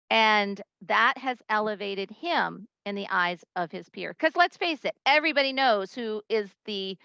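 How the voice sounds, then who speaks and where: A woman presenting a conference talk to teachers, a lively storyteller who acts out the voices she quotes. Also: mid-range voice, creaky, no echo, highs cut off.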